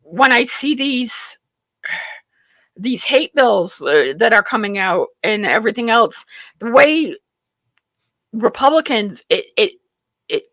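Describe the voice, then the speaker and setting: A mid-pitched host with a bright, edgy tone, recorded dry and close. The host talks politics in a halting, agreeable way, often restarting sentences. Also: very animated, no room sound. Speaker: talk show host. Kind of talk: political discussion.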